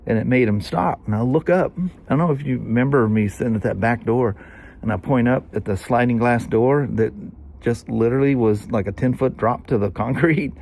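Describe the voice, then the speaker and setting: A man's voice: mid-range voice, normal speed, creaky, darkish tone. A man in his sixties with a Southern US accent, telling a long, rambling story in casual vlog chat, full of "you know" and "anyway". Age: 60s. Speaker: vlogger.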